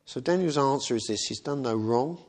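A man's voice: medium pitch, brisk, a little mellow. A man preaching a sermon in a conversational way, often asking rhetorical questions.

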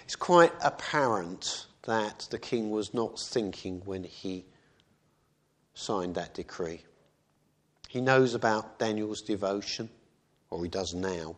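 A man preaching a sermon in a conversational way, often asking rhetorical questions. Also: fairly low pitch.

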